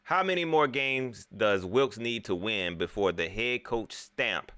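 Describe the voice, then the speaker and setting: A man, hosting a casual live sports talk show, animated and talking straight to his viewers as he reads their chat. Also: lowish voice, measured pace, smooth, dry recording. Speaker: sports talk livestream host.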